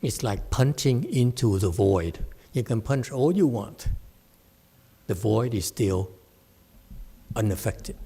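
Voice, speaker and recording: A man's voice: mid-range voice, warm tone, breathy edge. A man giving a meditation dharma talk to a class, conversational and playful, checking in often with "okay?". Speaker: meditation teacher.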